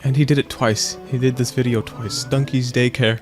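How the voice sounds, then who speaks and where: Man, let's play host, casual rambling chat, animated, silly quote voices, mid pitch, faint music behind. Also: normal speed.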